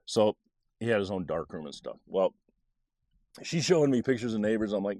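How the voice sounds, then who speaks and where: A middle-aged man's personal story of his boyhood comes out haltingly, with frequent restarts, while his voice swings animatedly up and down in pitch. The recording is dry and close, lacking any room sound.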